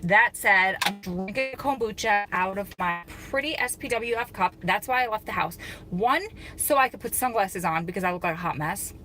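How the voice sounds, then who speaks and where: Bright, chatty woman with a scratchy throat. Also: medium pitch, normal speed, soft background music. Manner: greets viewers by name while chatting. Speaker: vlogger hosting a live stream. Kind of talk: casual live-stream chat. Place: parked car in a parking lot.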